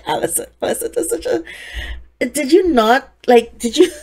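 A young woman makes casual let's-play commentary over a life-sim game, excitable and laughing often as she scolds the characters. Her slightly high voice swoops all over the place.

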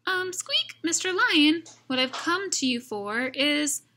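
A tiny male mouse from a storybook, squeaking and timid yet working up his courage. His voice sits high and sharp, as a woman reading aloud puts him on. He speaks in eager little bursts. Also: sing-song, slow, heavily acted. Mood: nervous.

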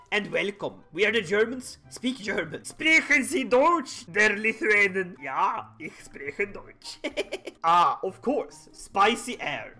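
Excitable man shouting gameplay commentary. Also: high voice. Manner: excitable, shouting at units, mock accents. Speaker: gaming YouTuber.

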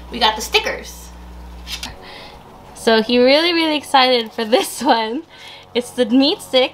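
High, bright-voiced woman coaxing her dog. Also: slight background noise. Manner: coaxing sing-song baby talk to her dog; gasps and laughs as she chats. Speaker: dog owner unboxing a pet subscription box. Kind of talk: casual unboxing narration.

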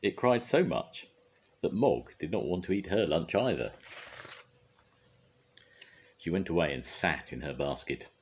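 An older man reading a picture book aloud for his grandchildren, lively and expressive. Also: low-pitched, unhurried, pauses often, slight background noise. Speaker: grandfather storyteller.

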